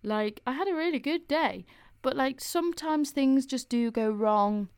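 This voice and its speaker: A woman's voice: high-pitched, measured pace, a little mellow, clean tone, no room sound. A young woman hosting a podcast, telling stories in a chatty, giggly way and swearing freely. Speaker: podcast host. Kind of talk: casual podcast storytelling.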